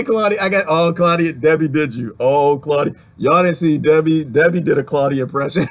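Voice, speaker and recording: A man from the Washington, D.C. area, ranting sarcastically in a livestream while reading viewer comments, laughing often between points. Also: a little high.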